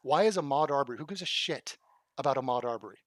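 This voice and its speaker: A man's voice: medium pitch, expressive, fast talker, dry recording. A man reacting to video clips with blunt, profane, sarcastic commentary. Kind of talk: combative commentary.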